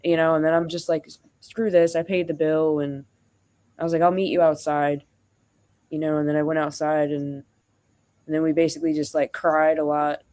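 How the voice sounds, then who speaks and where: Rambling streamer venting at mid pitch. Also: flat delivery, normal speed, darkish tone. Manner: rambling, acts out quoted dialogue, frequent fillers. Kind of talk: venting casual storytelling.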